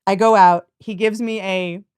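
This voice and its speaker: Brief: woman in her 40s, podcast host, animated and laughing storyteller, mid pitch, dry close mic. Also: a little slow, clear, resonant tone, dry recording. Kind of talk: casual chat.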